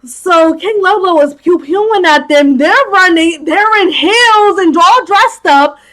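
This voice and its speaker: Chatty young woman, high voice, movie-recap commentator who exclaims in disbelief. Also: unhurried, a bit bright. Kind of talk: casual plot recap commentary.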